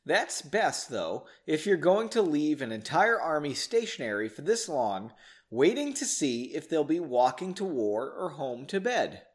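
A jovial, booming old army general holds court at dinner, as a man puts him on while reading his story. The voice is pushed higher and louder than plain talk and swings widely. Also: sing-song, a little slow. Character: hearty older male army general, jovial.

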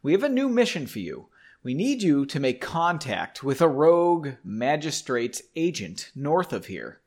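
A man's voice: a little high, very animated, measured pace, darkish tone, heavily acted. A man voicing a smug, formal male council leader giving orders.

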